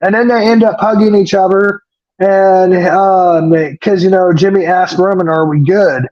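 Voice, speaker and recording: This wrestling podcast co-host has a high voice and walks through an episode in easygoing, meandering talk full of curse words and filler. His delivery is unhurried, with little movement in pitch. The audio is flat and low-fidelity.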